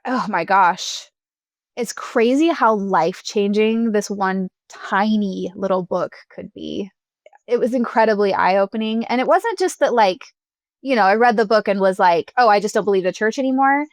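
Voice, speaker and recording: This is a young woman of medium pitch speaking as a guest in a relaxed interview. She talks in a chatty way, laughs easily and scatters "like" and "you know" through her sentences. Her voice sounds dry and close, with no room around it. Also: a little slow, dry recording. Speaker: podcast guest. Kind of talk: casual interview chat.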